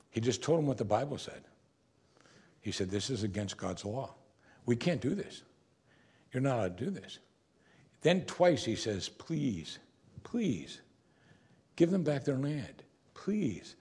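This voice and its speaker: A man's voice: on the low side, a little mellow, husky. A man preaching an earnest sermon, raising and dropping his voice for emphasis. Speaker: pastor.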